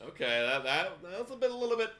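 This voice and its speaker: A young man talks his way through a live game, rambling and chatty as he reacts to each pitch. His voice sits a bit high and bounces around a lot. The tone is bright and forceful. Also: big pitch swings, fast. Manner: chatty, rambling, laughs often. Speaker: podcast host.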